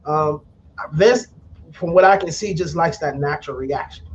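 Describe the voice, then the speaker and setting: A man's voice: fairly high pitch, normal speed. A man hosting a podcast, easygoing and agreeable, chatting casually with his guest. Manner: laid-back and agreeable, with many affirming yeahs. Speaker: podcast host. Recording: dull lo-fi line with faint noise.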